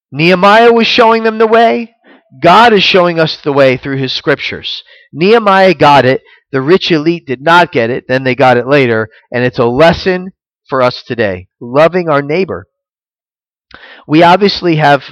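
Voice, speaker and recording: A man's voice: on the high side, dry recording, dull audio. Earnest man preaching, dry close sound. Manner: earnest teaching, rising with emphasis, reads scripture aloud. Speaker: pastor. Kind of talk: sermon.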